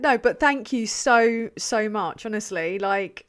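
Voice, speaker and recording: A woman's voice: mid-range voice, slow, fairly bright tone. A woman hosting a livestream. She chats casually, swears and jokes at her own expense while reading donations. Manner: chatty, sweary, self-deprecating. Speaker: livestream host.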